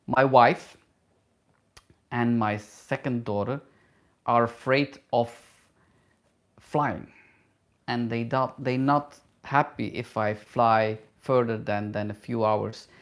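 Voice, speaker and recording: A middle-aged man, a travel vlogger and hairdresser, reads viewer questions aloud in a live Q&A and answers in halting, non-native English with many fillers. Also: mid-range voice, steady tone. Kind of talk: live Q&A, casual chat.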